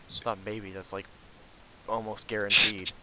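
A man's voice: on the low side, level tone, normal speed, heavy background noise. A young man hosting casual gameplay commentary, teasing his co-player with joking banter. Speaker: channel host.

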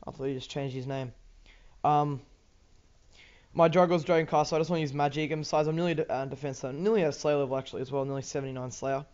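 A man's voice: fairly high pitch, fairly even intonation, fast talker, darkish tone, highs cut off. A teenage boy with an Australian accent, rambling casually over gameplay with lots of ums, restarts and swearing. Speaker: gaming YouTuber.

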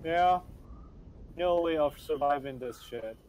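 Easygoing gamer man, slightly high. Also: unhurried, darkish tone, a little hiss or hum, rough recording. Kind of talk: casual gameplay chat.

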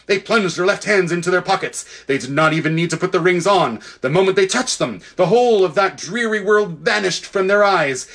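Man reading a storybook aloud, lively pitch. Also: brisk, few pauses. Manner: lively, expressive reading with casual asides. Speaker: audiobook reader.

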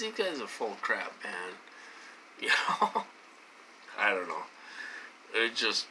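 An adult from the United States ranting to camera in a casual vlog, agitated and repetitive, cursing, with a voice that jumps high when indignant. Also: sharp tone, slight background noise. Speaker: vlogger.

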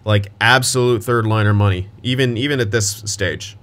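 A man's voice: lowish voice, moderate pace, fairly bright tone. A young man giving casual gameplay commentary as a gaming YouTuber, thinking aloud and restarting his sentences, with hiccups and voice cracks.

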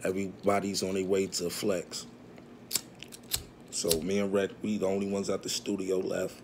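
A man's voice: low voice, monotone, moderate pace. A man casually telling a story in slang, acting out what people said, with faint background noise. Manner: slangy, acts out quoted dialogue.

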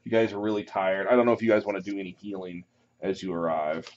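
A man running a tabletop game as dungeon master, relaxed and rambling with many pauses and ums. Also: low voice, slight background noise. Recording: muffled lo-fi recording.

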